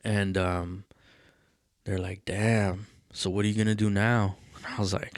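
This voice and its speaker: A man's voice: lowish voice, flat delivery, a little slow, dry recording, studio quality. A man hosting a podcast, telling a personal story in a candid, rambling way, full of fillers and swearing. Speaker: podcast host.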